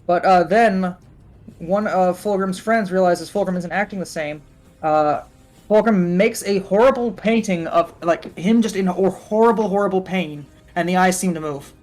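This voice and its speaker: Mid-range voice, deadpan, offhand, casual storytelling, stream guest. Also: mid-range voice, normal speed, soft background music, poor audio. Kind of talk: casual lore recap.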